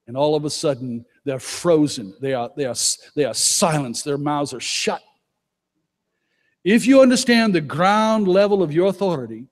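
A man preaching with a notably high voice for a man, the sound ringing with long reverb from a large hall. He drives his points hard, jumping from loud declarations down to low, intense asides. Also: moderate pace. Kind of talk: conference sermon. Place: conference hall.

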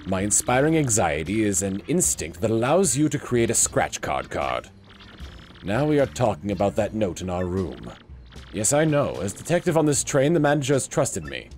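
A man puts on a pompous male penguin detective for a comedic video game voice-over. The voice is stuffy and self-important, pitched lower and darker than his own, swinging widely in tone. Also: sing-song, moderate pace, a little mellow, faint music behind.

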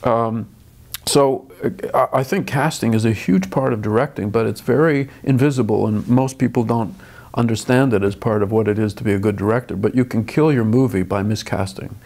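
A man's voice: mid-range voice, fairly quick, gravelly, a little mellow. An older man, a film director, talking thoughtfully in an interview with frequent restarts. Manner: thoughtful, restarts often, dry chuckles. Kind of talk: interview conversation.

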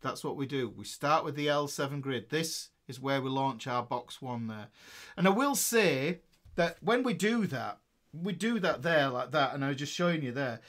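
A man's voice: medium pitch, lively intonation, normal speed, a bit bright. A man giving a casual guitar lesson, chatty and upbeat, laughing and talking while he plays. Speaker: guitar teacher. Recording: faint guitar music behind. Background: guitar playing.

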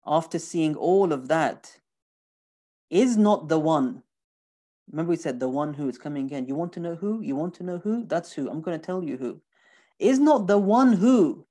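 Animated, emphatic man lecturing. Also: fairly high pitch. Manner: animated, emphatic, rhetorical questions; repeats words for emphasis. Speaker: lecturer on scripture. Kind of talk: recorded lecture.

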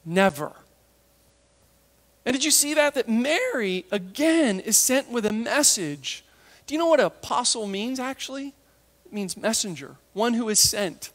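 A male preacher with a fairly high voice delivers a lively sermon. He slips into the voices of biblical figures as he tells the story and sinks to a near whisper for the tender parts. The delivery is expressive and conversational. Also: a little slow, big-room sound. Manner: drops to a hush for tender moments.

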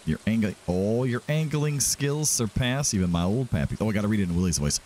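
A man's voice: on the low side, animated, fairly quick, few pauses, darkish tone, a little hiss or hum. A man hosting a let's play, chatting casually and thinking aloud as he plays. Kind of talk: casual gameplay commentary. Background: game music.

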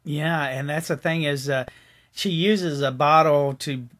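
Bright-voiced man rambling about a film. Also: fairly high pitch, fairly even intonation, unhurried. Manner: rambling, with many restarts and fillers. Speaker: film reviewer. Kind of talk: casual chat.

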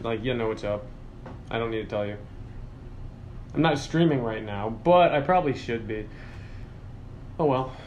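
A man making a casual phone vlog, hyped up and swearing, with loud exclamations as he talks. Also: mid-range voice, lively intonation, normal speed, pauses often, muffled recording, slight background noise. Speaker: streamer.

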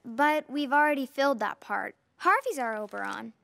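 A woman's voice: high-pitched, animated, normal speed, gravelly, a bit bright, dry recording, clean studio sound, heavily acted. An earnest teenage girl director. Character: teenage witch girl directing a school play. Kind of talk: cartoon voice acting.

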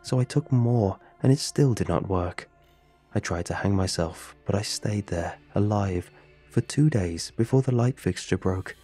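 A man voicing a flat, robotic text-to-speech reading of a dying man's note, spoken without intonation and with a deep, dark, husky voice. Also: measured pace, faint music behind. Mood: bleak.

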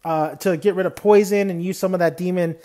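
A man's voice: high-pitched, fairly even intonation, a little fast, dark tone. A young man giving a casual, unscripted anime review, rambling loosely and dropping "man" and "you know" often.

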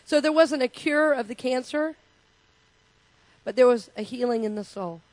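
High-voiced woman minister preaching. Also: normal speed, a little mellow, dry recording. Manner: call-and-response preaching, inviting the congregation to repeat; conversational and personal, with asides. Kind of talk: sermon. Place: church sanctuary.

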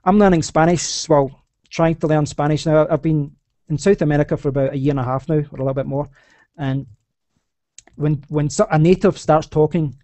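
A man's voice: a little high, fairly even intonation, brisk, dark tone, no room sound. A young Scottish man hosting a casual podcast chat, talking in a rambling way with many restarts. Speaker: podcast host.

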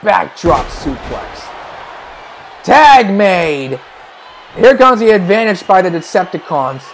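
A man calling wrestling play-by-play, excitable and breaking into shouts at big moves. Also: sits high, unhurried, slight background noise, low-quality recording. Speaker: play-by-play commentator.

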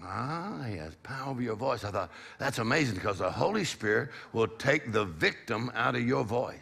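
Lively, gravelly-voiced man preaching. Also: medium pitch, normal speed. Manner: exhorting, with call-and-response and repeated "come on". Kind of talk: sermon.

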